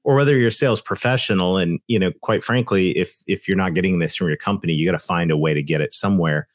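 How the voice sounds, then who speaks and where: A man's voice: low-pitched, quick pace, dry recording, studio quality. A man co-hosting a podcast, talking earnestly and emphatically with loose asides. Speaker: podcast co-host. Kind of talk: conversational podcast discussion.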